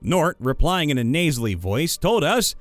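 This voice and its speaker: A man narrating viewer-submitted tabletop game stories with animated, playful asides. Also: a little high, normal speed, faint music behind. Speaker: story channel narrator. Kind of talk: reading viewer stories aloud.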